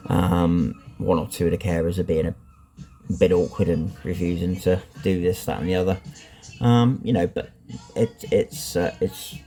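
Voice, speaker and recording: A man's voice: deep voice, fairly even intonation, normal speed, mellow, faint music behind. A man vlogging candidly about his life, talking bluntly and rambling with lots of ums and you-knows. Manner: blunt and frank, swears. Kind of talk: candid personal vlog.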